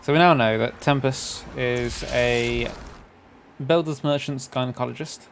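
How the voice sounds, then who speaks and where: A man co-hosting a game stream, teasing his partner with quick quips and giggles. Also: medium pitch, fairly even intonation, a little hiss or hum. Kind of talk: casual banter while gaming.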